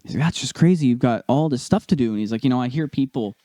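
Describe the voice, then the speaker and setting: A young man co-hosting a casual podcast, telling a story with lively delivery and acting out the people he quotes. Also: mid-range voice, quick pace, no echo, clean studio sound. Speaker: podcast co-host.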